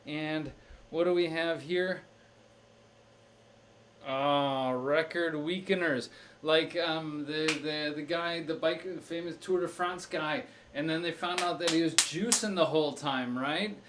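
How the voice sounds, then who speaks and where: A man's voice: a little high, steady tone, takes it slowly, noisy background. Rambling man thinking aloud at a crossword. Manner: thinks aloud with many fillers and restarts. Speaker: streamer solving crosswords. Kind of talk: casual live-stream chat.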